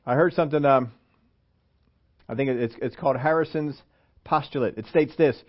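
A man preaching a sermon in a church, animated, acting out quotes and asking the congregation questions. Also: on the high side, fast. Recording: dull lo-fi sermon recording.

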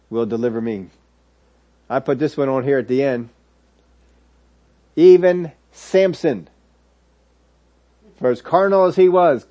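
A pastor with a fairly high, mellow voice preaches a sermon, retelling Bible stories and voicing the people in them. He acts out the words of biblical figures as he narrates. The audio is dull and lo-fi.

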